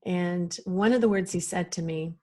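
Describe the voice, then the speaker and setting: A woman's voice: lowish voice, normal speed, darkish tone. Earnest woman telling a personal story. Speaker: podcast guest.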